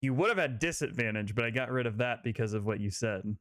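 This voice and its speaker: A man narrating as game master of a casual tabletop game, describing scenes in a relaxed, amused way. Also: medium pitch, fast.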